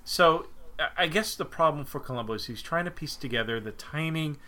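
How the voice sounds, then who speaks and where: Male podcast co-host with a bright, forceful voice, rambling casual chat. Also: a little high, lively intonation, brisk. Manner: loose and rambling, many fillers and restarts.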